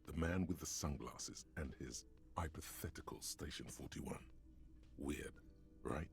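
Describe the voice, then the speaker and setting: A very deep, confiding voice muses to itself, the inner voice of a troubled detective. It sounds like a video game narrator, with soft music playing faintly behind. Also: male voice, a little slow, creaky, full character voice. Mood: musing. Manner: low, musing, confiding.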